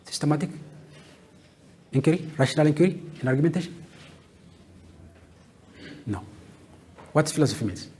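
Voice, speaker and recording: A man's voice: fairly high pitch, lively intonation, a little mellow, a little hiss or hum. A man giving a classroom lecture, listing terms one by one and answering his own questions. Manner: asks questions and answers them himself; lists terms one by one with pauses.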